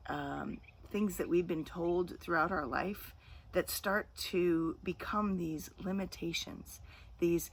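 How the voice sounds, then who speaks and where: A middle-aged woman with a notably low voice gives a calm, earnest self-help talk as a coach, circling back over her points. Faint background ambience sits under her voice. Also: slight background noise.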